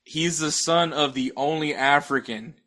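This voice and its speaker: A man's voice: fairly high pitch, a little slow, sharp tone. A young man in casual sports chat as a podcast guest, stammering, restarting his sentences and chuckling between points.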